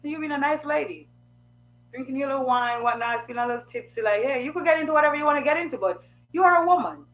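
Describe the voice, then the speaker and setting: A woman's voice: high-pitched, fast, lo-fi sound. A woman giving frank, sassy advice in a preachy monologue full of rhetorical questions.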